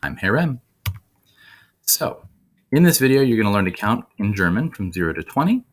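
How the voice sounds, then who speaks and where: Man, German teacher, very low voice, slow repeated words, lesson video. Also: sing-song. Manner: slow, deliberate word repetitions.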